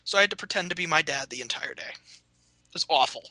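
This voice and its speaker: A man's voice: a little high, lively intonation, fairly quick, sharp tone, no room sound, poor audio. A young man casually telling a rambling, sweary story and laughing as he goes.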